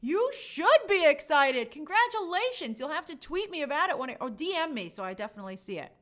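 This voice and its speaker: A woman's voice: high-pitched, big pitch swings, fast talker, a bit bright. A woman hosting a casual live stream, chatting and reading viewer comments aloud. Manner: chatty, reads comments aloud and answers them.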